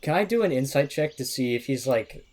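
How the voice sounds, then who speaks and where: A man's voice: mid-range voice, animated, fairly quick, darkish tone. A man playing a tabletop game, dry and formal when in character. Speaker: player.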